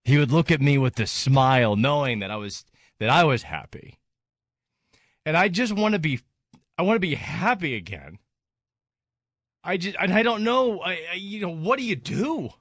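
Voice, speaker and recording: Grieving radio host, lively swings in pitch. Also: male voice, moderate pace, pauses often, dry recording, clean studio sound. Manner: raw, grieving, rises to anger. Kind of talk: emotional radio talk.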